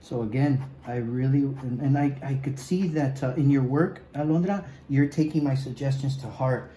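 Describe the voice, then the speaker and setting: Art teacher, male, encouraging, keeps saying "okay, guys", very dark tone, echoey room. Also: mid-range voice, normal speed, slight background noise. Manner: talks while drawing, often drops to a mumble. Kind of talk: recorded drawing lesson.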